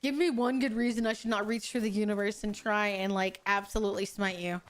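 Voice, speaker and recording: A woman's voice: mid-range voice, steady tone, fairly quick. A young woman streaming a game, chatting casually with over-the-top, profane outbursts. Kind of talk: casual game livestream chat.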